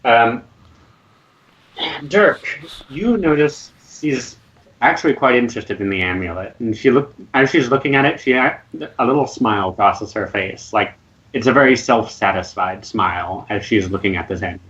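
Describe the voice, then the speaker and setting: A man's voice: mid-range voice, animated, normal speed, a bit bright. A man narrating as dungeon master of an online tabletop game, describing scenes with frequent restarts. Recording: muffled voice-chat audio.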